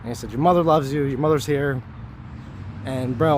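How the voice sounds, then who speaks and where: A man telling a personal story to camera outdoors, rambling and earnest, filling every pause with "you know" and "like" and hurrying to finish. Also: mid-range voice, steady tone, noisy background. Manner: hurried, wanting to finish quickly. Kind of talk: casual spoken recollection.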